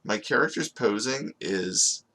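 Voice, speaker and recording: A man teaching storyboarding in a casual screen-recorded tutorial, talking in a relaxed, conversational way and often checking in with "okay?". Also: fairly low pitch, unhurried. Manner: relaxed and conversational, with frequent fillers. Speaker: animation storyboard instructor.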